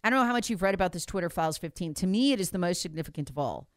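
A woman's voice: lowish voice, expressive, racing, no room sound. Brief: woman commentator, emphatic and insistent, dry close recording. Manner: emphatic, repeats points, acts out others' voices. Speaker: political commentator guest. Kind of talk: animated political talk.

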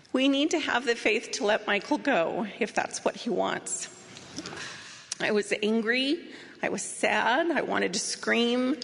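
A woman giving an earnest, measured personal testimony as she tells her story. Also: on the high side, vocal fry, fairly bright tone, big-room sound, slight background noise. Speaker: speaker sharing a personal story.

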